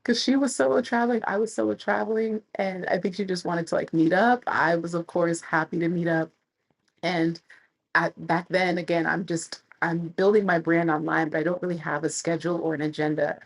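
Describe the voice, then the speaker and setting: A woman in her thirties, a travel vlogger telling stories casually, acting out quotes with big jumps in pitch. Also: flat delivery, moderate pace, poor audio. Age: 30s. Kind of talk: casual storytelling.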